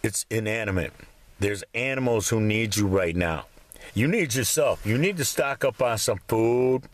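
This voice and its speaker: With a fairly low pitch and a moderate pace, this vlogger from Michigan delivers a rambling, angry monologue to viewers from his cold home. Swearing fills nearly every line.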